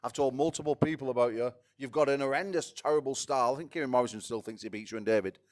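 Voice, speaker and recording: A man promoting fights at a press conference, excitable, swearing and stumbling over repeated words. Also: medium pitch, fast talker.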